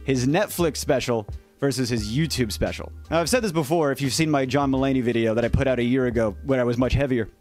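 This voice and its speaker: Male youtuber, mid-pitched, sarcastic and crude, light music underneath. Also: quick pace, a little mellow. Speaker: comedy commentary youtuber. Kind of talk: scripted video commentary.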